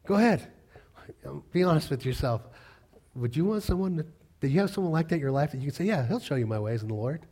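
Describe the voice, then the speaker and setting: A middle-aged man preaching a sermon, animated and acting out the voices of the people he quotes. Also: fairly high pitch, quick pace. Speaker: pastor.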